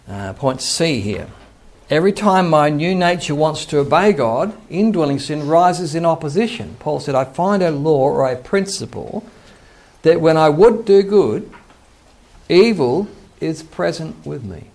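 A man's voice: on the high side, expressive, unhurried, a little mellow. An older man, a pastor earnestly teaching a sermon and quoting scripture. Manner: earnest preaching, quotes scripture, chuckles to himself.

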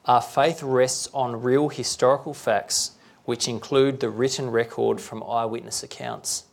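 A man delivers a sermon in a conversational, down-to-earth preaching style, often pausing to ask his listeners rhetorical questions. His voice sits at a mid pitch with a gravelly, creaky texture. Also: fairly even intonation.

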